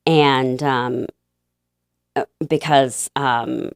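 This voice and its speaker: A woman guest telling a personal faith story in an interview, halting and emotional, with many fillers and restarts. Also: a bass voice, steady tone, vocal fry, smooth, no echo, studio quality.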